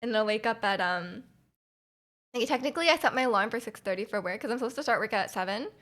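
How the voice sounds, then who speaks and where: A woman's voice: a little high, expressive, quick pace, fairly bright tone. A young woman livestreamer in casual chat with her viewers, rambling with lots of fillers and giggles.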